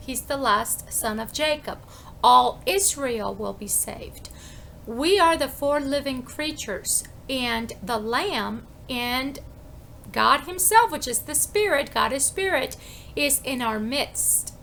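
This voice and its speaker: Woman, preacher, informal sermon, emphatic, repeats phrases, gravelly, bright. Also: sits high, lively intonation, slow pace, slight background noise. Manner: emphatic, repeats phrases, asks and answers questions.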